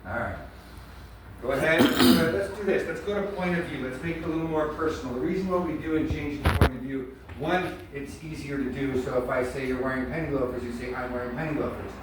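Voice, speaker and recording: A man's voice: mid-range voice, a little fast. A man coaching an acting class, talking bluntly and with energy, laughing often. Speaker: acting teacher. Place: large echoey studio room. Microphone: far camera mic. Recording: echoey room from a distance, noisy.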